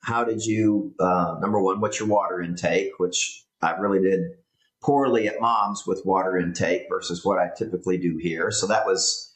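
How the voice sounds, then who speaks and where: Low-voiced man in an echoey room. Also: normal speed. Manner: relaxed, hesitant with fillers. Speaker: podcast co-host. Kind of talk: casual chat. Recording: roomy echo.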